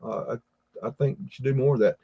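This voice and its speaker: An American man hosting a live stream, chatting casually and reading viewer comments, with a rambling, halting delivery full of repeated words and fillers. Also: medium pitch, fairly even intonation, dull audio. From United States. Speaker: livestream host reading chat.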